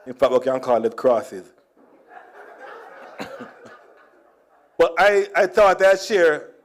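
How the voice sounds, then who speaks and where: A man with a Jamaican accent giving a humorous speech at a conference, switching between Creole and standard English. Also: medium pitch. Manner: mixes Jamaican Creole with standard English, playful, acts out dialogue. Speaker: conference speaker. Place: conference hall.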